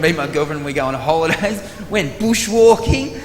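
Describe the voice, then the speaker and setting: Profane Australian comic in a reverberant theatre. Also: male voice, fairly high pitch. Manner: rapid, profane, exasperated storytelling with sudden loud outbursts. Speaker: stand-up comedian. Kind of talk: stand-up comedy routine. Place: large theatre stage before a live audience. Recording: live theatre recording with long hall reverb and audience noise.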